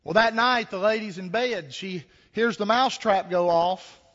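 Folksy preacher man, high voice. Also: measured pace, fairly bright tone. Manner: folksy, conversational, rhetorical questions. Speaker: pastor. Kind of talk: sermon with storytelling. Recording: echoey hall, dull lo-fi sound.

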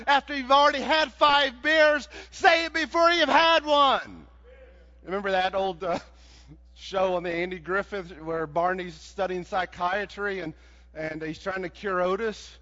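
A man preaching a sermon in a folksy, animated way, building to shouts. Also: sits high, a little slow. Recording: dull sound with long hall reverb.

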